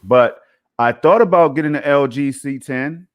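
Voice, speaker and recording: A man's voice: fairly high pitch, moderate pace. A man co-hosting a casual gaming podcast, talking emphatically in a conversational way and often tossing in "man" and "you know". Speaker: podcast co-host.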